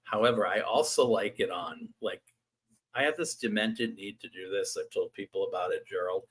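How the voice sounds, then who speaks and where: A man's voice: on the low side, moderate pace, fairly bright tone, husky. A man co-hosting a live tarot stream, chatting casually, joking and laughing easily.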